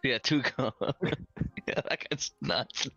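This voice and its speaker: An easygoing man in casual chat, quick to laugh. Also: medium pitch, sharp tone, no room sound. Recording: dry lo-fi audio with faint music.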